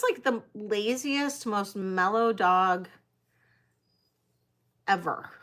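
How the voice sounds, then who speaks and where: A woman's voice: mid-range voice, fairly bright tone. A woman hosting a live-stream vintage jewelry sale, chatting directly with her viewers. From Detroit area, United States. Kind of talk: live-stream auction chat.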